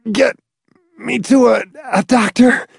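A man's voice: fairly high pitch, big pitch swings, slow, vocal fry, a little mellow, breathy edge, no echo, studio quality, pitched above the performer's own voice, full character voice. A male narrator voicing a weary, cynical man who mutters sardonically through clenched teeth. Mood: pained. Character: weary, put-upon man, bitter and cynical.

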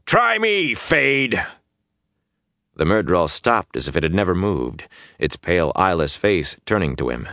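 A man with a deep, low voice reads a fantasy audiobook, his pitch rising and falling with lively drama. His delivery is intense and builds through the action, recorded close and dry with no room sound. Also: moderate pace, dry recording. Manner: intense, dynamic storytelling that swells in battle scenes. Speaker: audiobook narrator.

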